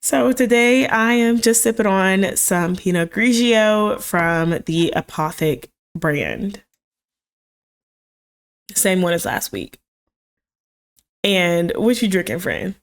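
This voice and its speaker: A woman's voice: medium pitch, expressive, slow pace, pauses often, smooth. A woman from the American South with a Southern accent, co-hosting a casual podcast and reacting in an easygoing way. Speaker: podcast co-host. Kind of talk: casual chat.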